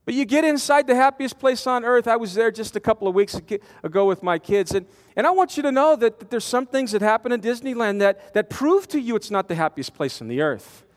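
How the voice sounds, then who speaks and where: A man preaching a storytelling sermon, animated, with stammering restarts, swinging from loud to hushed. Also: very high voice, brisk, few pauses. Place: large conference hall. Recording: long reverb of a conference hall.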